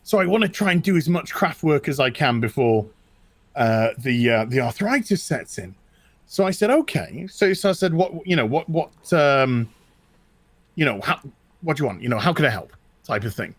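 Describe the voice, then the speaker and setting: Animated British man telling stories. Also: mid-range voice, normal speed, husky, no room sound. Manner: animated, repeats himself, tells stories. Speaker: co-host. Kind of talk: casual chat.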